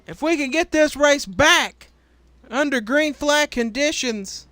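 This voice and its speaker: A young man calling a sim race, voice worn from shouting, getting louder and quicker as the pack bunches up. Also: very high-pitched, no room sound. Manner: shouts and speeds up at crashes. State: voice giving out. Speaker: race commentator. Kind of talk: excited play-by-play commentary for a sim racing league.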